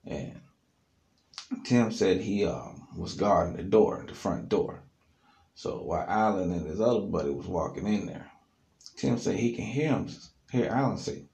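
Recorded alone in an echoey studio room, a man casually tells a story on his podcast in a loose, animated way, full of filler words. His voice is low-pitched with vocal fry, and he takes his time.

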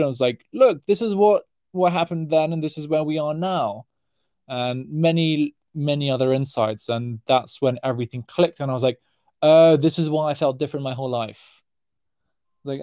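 A man, talking casually as an interview guest, relaxed and rambling with fillers and restarts. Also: medium pitch, dry recording, dull audio. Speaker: herbalist guest.

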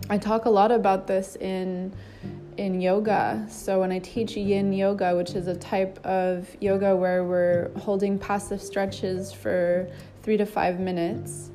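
A woman yoga teacher talks in a calm, gentle, reflective way, now and then restarting a phrase. Her voice is mellow and warm, and her pitch stays fairly level. Soft music plays faintly behind her. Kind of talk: reflective spoken monologue.

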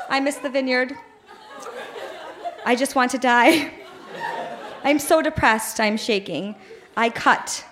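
A woman's voice: on the high side, a bit bright, slight background noise. A woman in her late twenties reading her teenage diary aloud at a live show in a bar, dramatic and earnest, with laughter in her voice. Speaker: reader on stage.

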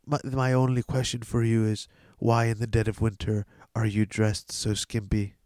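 A man's voice: fairly low pitch, little pitch movement, moderate pace, darkish tone, dry recording, studio quality, close to an everyday voice. A man improvising a stubborn, incredulous warrior king in a comedy bit. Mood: indignant. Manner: indignant, mocking.

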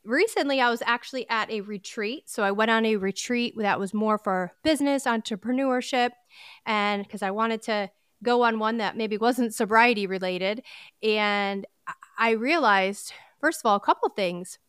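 A woman talks straight into a close mic as a podcast host, candid and encouraging, often restarting her sentences. Her voice is smooth and clear, and the sound is dry with no room around it. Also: on the high side, normal speed, fairly bright tone, dry recording. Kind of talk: personal motivational podcast talk.

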